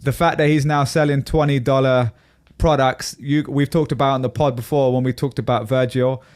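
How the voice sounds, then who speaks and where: Co-hosting a podcast, this man speaks at normal speed in a steady, darkish, mid-range voice. The conversation is casual, and he rambles at length, laughing readily.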